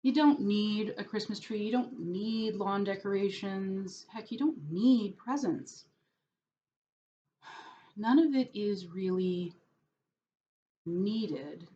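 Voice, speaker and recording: A woman muses slowly and hesitantly, trailing off into fillers and restarting her thoughts. Her wit is dry and self-mocking. The audio is dull and lo-fi, with a faint hiss of background noise underneath. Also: mid-range voice, dark tone. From New York. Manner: wry, self-deprecating sarcasm. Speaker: vlogger. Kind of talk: casual rambling monologue.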